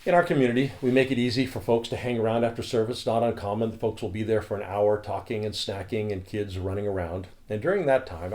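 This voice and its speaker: Earnest, low-voiced man telling a story. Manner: calm, earnest, reflective. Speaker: spiritual community leader. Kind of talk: reflective spoken storytelling.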